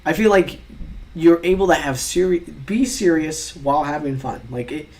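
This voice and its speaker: A man's voice: on the high side, normal speed, slight background noise. Chatty young man rambling over quizzes. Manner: chatty, rambling, mock-outraged asides. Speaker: YouTuber taking online quizzes. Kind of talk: casual chat reading quiz questions aloud.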